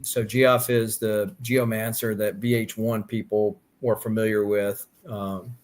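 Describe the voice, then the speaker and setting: A man in a casual chat, calmly filling in background details. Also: on the low side, unhurried. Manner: adds background facts, relaxed.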